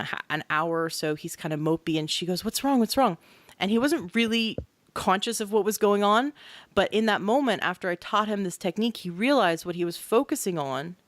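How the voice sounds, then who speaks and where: A woman hosting a podcast, explaining and telling stories in an animated, conversational way, with many casual fillers. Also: fairly low pitch, no echo. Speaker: podcast host.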